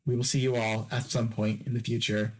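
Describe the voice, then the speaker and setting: A man of ordinary pitch hosts a casual podcast on his own, rambling and teasing his listeners. He repeats his lines again and again in a loose, playful way. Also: level tone, fairly quick, poor audio. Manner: rambling, jokey, repeats phrases over and over. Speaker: podcast host. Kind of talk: casual solo podcast sign-off.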